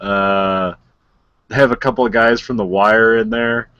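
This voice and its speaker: A man's voice: lowish voice, steady tone, a little slow, clear, resonant tone, dry recording, highs cut off. A man co-hosting a podcast, retelling a movie in casual chat, rambling with lots of filler words and frequent laughs. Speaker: podcast co-host.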